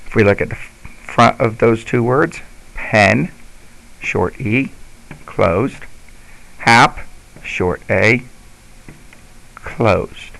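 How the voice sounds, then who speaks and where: A man with a low, gravelly voice teaches a lesson. He explains patiently and slowly, step by step, like a teacher guiding parents and students. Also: a bit bright, low-quality recording. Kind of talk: instructional lesson.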